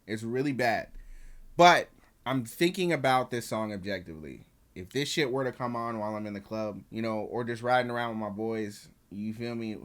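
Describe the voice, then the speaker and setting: A man's voice: mid-range voice, moderate pace, a bit bright. A young man casually reviewing an album as he reacts to it, slangy and profane, with chatty asides to his viewers.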